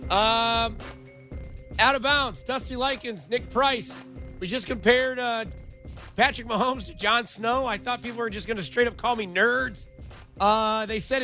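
Young man, sports radio host, studio, animated rambling banter, high voice, tense bright tone. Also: measured pace, soft background music. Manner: animated, rambling, playful comparisons.

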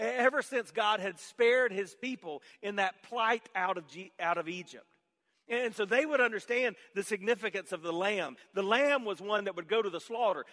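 A male pastor preaching a sermon, dropping to a hush and then rising to shouts, calling on the congregation to repeat his words. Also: high-pitched, big-room sound. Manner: swings from hushed to shouted emphasis; leads call-and-response with congregation. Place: church sanctuary.

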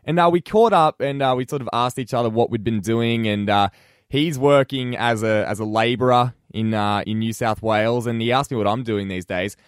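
A man's voice: medium pitch, moderate pace, smooth, no room sound, studio quality. A young Australian man co-hosting a breakfast radio show, chatty and jokey, telling stories in casual banter. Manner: chatty and jokey, lively storytelling.

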